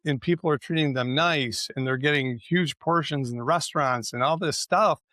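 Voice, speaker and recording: A man's voice: on the high side, moderate pace, bright, forceful tone, no echo. A man co-hosting a podcast in casual conversation, chatty and often ending with "right?". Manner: conversational, frequent "right?" tags. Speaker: podcast co-host.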